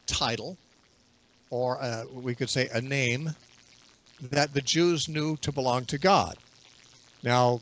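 A man in a radio interview, a bible teacher explaining scripture in a measured way and quoting verses at length. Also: medium pitch, fairly bright tone.

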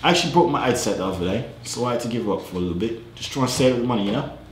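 A man's voice: mid-range voice, lively intonation, racing. A young man hosting a video chat prank, talking playfully in a put-on British accent with mock-casual slang over a desk mic. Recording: roomy echo, faint background hum.

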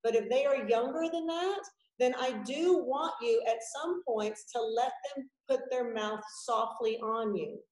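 A woman dog trainer teaching an online class in a chatty, animated way, talking over a video call. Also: on the high side, unhurried, reverberant, rough recording. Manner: chatty and animated, acts out puppies and dramatic yelps. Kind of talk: informal online class lecture. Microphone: video call microphone.

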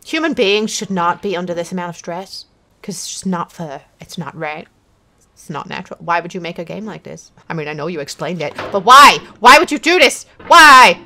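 A woman gamer at home giving frustrated commentary on a game, swearing and shouting often. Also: on the low side, fairly quick, gravelly. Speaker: let's play gamer.

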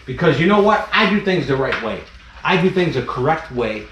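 A man's voice: medium pitch, big pitch swings, brisk, fairly bright tone, reverberant, a little hiss or hum. A man who breeds venomous snakes, ranting bluntly in a vlog, fired up and repeating himself. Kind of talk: impassioned vlog rant.

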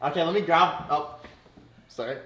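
A young man chatting while cooking, loud and excitable, swearing a lot. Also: on the high side, moderate pace, echoey room. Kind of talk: casual chat while cooking. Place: home kitchen.

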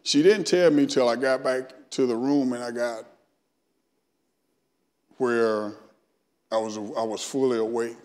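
The long reverb of a church sanctuary surrounds this middle-aged Alabama man, who tells his testimony in a Southern accent as a guest speaker during a sermon. He acts out his old dialogue in an unhurried, mid-range voice.

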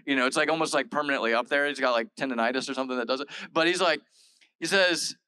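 A man's voice: mid-range voice, fast, sharp tone, clear, resonant tone, no echo, poor audio. A male pastor giving a casual, conversational sermon, retelling scripture in everyday modern speech with lots of "like" and "all right". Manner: chatty and informal, full of "like" and "all right".

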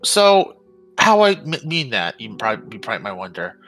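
A man on a casual voice-training podcast, talking in halting starts and restarts. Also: lowish voice, big pitch swings, a bit bright, faint music behind, rough recording. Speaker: podcast co-host. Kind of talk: casual chat.

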